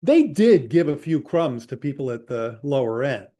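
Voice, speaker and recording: A man speaking as an economist guest in an interview, explaining in a measured, slightly wry way. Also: mid-range voice, sing-song, dark tone. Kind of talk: interview answer.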